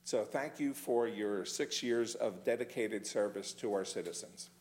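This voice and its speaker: Male public commenter, slightly low voice, formal, measured and emphatic prepared statement at a meeting podium. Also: darkish tone. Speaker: member of the public giving comment. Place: county meeting chamber. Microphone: podium microphone.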